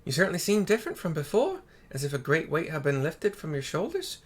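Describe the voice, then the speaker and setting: A man voicing a small, quick-witted young woman with a put-on accent, talking excitedly. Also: exaggerated voice. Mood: admiring. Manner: excitable, fast, squeaky.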